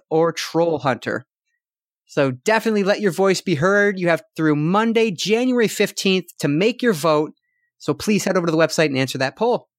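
Brisk, high-voiced man hosting a podcast. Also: no echo, studio quality. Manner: brisk, upbeat listing of sign-off reminders. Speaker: podcast co-host. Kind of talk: podcast outro and plugs.

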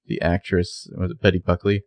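A man's voice: low voice, flat delivery, fairly quick, a little mellow, no room sound. A man co-hosting a podcast, making wry, offhand remarks while recapping a TV episode in casual chat. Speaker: podcast co-host.

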